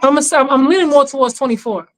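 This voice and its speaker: A woman co-hosting a livestream, chatting fast in slang with frequent laughs. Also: sits high, poor audio. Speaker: co-host of a livestream watch-along. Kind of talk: casual chat reacting to a livestream.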